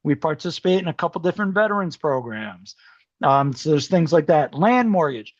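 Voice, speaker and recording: A man's voice: on the high side, lively intonation, brisk, dry recording, muffled recording. Conversational man presenting a home-loan seminar. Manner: conversational, many fillers, checks in with "okay?". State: voice starting to go. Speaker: mortgage specialist presenting a seminar. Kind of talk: explaining to an audience, informal presentation.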